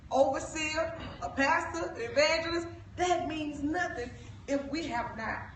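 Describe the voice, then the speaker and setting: A woman evangelist, exhorting the young people of her church, fervent and at times shouting. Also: sits high, a little hiss or hum. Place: church sanctuary. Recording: echoey church, mic from a distance.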